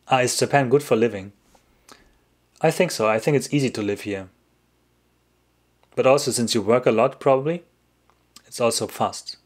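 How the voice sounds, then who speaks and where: Answering questions from chat on an informal English livestream, a man speaks at a pitch typical for a man. He laughs often and rambles, stopping sentences before finishing them.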